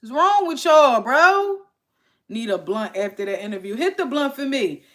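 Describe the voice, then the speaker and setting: A woman's voice: high-pitched, animated, normal speed. Exasperated woman ranting to her chat. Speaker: livestream host. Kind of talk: casual livestream reaction chat.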